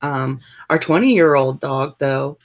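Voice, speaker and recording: A woman with a notably low voice chats in an easy, relaxed way. She reassures and trades stories without hurry. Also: slow. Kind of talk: casual chat.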